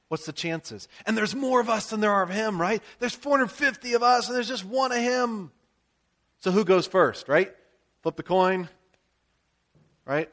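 American pastor guy preaching, fairly high voice, chatty and lively, keeps throwing in asides. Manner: conversational, animated storytelling with asides. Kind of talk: sermon.

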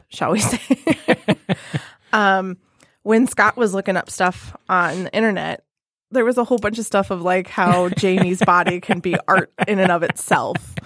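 Woman podcast co-host, lowish voice, loose rambly chat, dry close sound. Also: fairly bright tone, no echo. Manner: rambling, many fillers and restarts. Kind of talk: casual chat.

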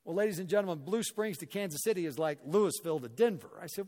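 A middle-aged man from Missouri giving a motivational talk to a hall audience, telling an animated story and acting out the dialogue. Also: sits high, fast, few pauses. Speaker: guest speaker. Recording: echoey hall reverb.

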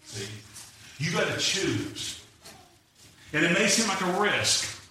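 A man's voice: high-pitched, slow. A man preaching a sermon, telling personal stories and acting out the voices of the people in them. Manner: animated, acts out quoted voices. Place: church sanctuary. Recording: echoey hall, mic far off, faint noise.

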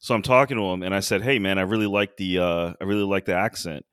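A man co-hosting a podcast in casual chat, telling stories in an animated way and laughing often. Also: low-pitched, fast talker, clean tone, no room sound, studio quality. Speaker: podcast co-host.

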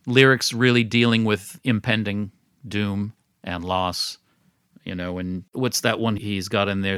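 A man's voice: on the low side, fairly even intonation, a little slow, fairly bright tone, clear, resonant tone, dry recording, studio quality. A man co-hosting a podcast, chatting casually and thoughtfully about an album's songs. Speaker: podcast co-host. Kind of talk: casual music discussion.

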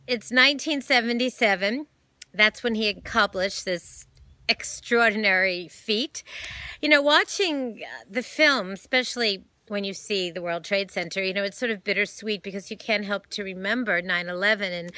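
A woman's voice: mid-range voice, bright, forceful tone, no echo. A woman hosting a casual film review vlog, chatty and rambling, with many fillers, self-corrections and gushing enthusiasm. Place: home, holding a dog.

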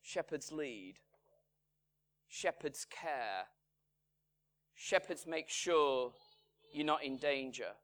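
A pastor delivers a sermon in a fairly high male voice. He speaks slowly and deliberately. His volume rises to strong emphasis and then sinks to hushed, quiet phrases. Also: animated. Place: church in Salford.

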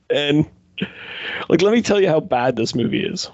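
A man's voice: a little high, sing-song, moderate pace, a little mellow, no echo, dull audio. A man chatting casually on a podcast, rambling with lots of fillers and laughing as he goes. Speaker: podcast co-host. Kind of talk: casual chat.

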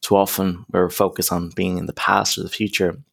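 A man's voice: low voice, little pitch movement, fairly quick, gravelly. A young man, a counsellor, talking casually in an interview, emphatic, with lots of "you know" and "okay?". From Ireland. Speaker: counsellor, podcast guest.

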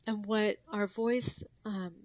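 A woman guest chats through ideas on a podcast, piling up fillers and restarts as she explains. Her voice sits at an ordinary middle pitch. The sound is dry and close. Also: fairly even intonation, takes it slowly, no room sound. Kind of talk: casual podcast conversation.

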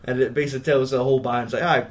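A man hosts a podcast, recapping a film in a loose, rambling way. His voice sits in an ordinary middle pitch. He swears freely and laughs between lines. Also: level tone, racing, a little mellow. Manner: rambling, profane, laughs often. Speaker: podcast host. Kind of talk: casual film recap chat.

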